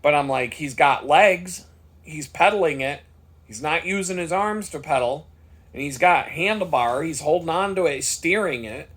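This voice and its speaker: A man's voice: on the high side, animated, normal speed, a bit bright, husky. A man vlogger telling a story in a casual monologue, worked up and swearing freely.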